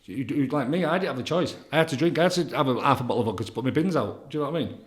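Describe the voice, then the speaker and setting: Fast-talking blunt man, roomy sound. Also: medium pitch, animated. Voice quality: blunt, repetitive, leans on tag questions. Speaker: addiction counsellor guest. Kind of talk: casual podcast interview. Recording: roomy echoey room.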